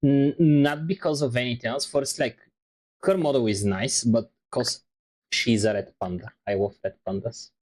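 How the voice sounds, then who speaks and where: A man streaming and chatting casually, teasing his friends in a halting way. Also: mid-range voice, a little mellow. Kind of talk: casual chat on a live stream.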